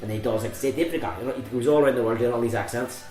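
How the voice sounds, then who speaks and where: A man's voice: medium pitch, fairly even intonation, racing, darkish tone, reverberant, faint music behind. Rambling man, podcast chat. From Northern Ireland. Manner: rambling, laughs often, slips into impressions. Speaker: podcast host. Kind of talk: casual chat.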